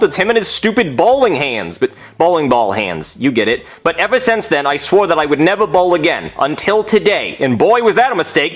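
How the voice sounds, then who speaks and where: High-voiced young guy, deadpan and indignant, lots of ups and downs, rambling funny stories. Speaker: comedic storyteller. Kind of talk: deadpan absurd storytelling.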